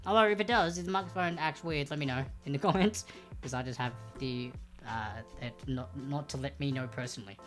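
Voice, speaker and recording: A woman's voice: rumbling low, faint music behind. A young Australian woman hosting a livestreamed trivia game from home on a desk microphone, chatty and upbeat, drawing out the names in each question. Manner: chatty, upbeat, reads questions slowly and with emphasis. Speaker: trivia host. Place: home room with a backdrop. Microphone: desk microphone without headphones.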